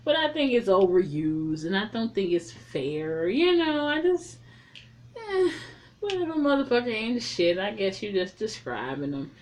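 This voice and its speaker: A woman talks through the plot of a film in a loose, conversational recap, at a mid pitch for a woman. She tells the story with animated energy, swears freely, and wanders into her own asides. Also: measured pace, a little hiss or hum. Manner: chatty, profane, animated retelling. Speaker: film reviewer. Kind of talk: casual spoken movie recap.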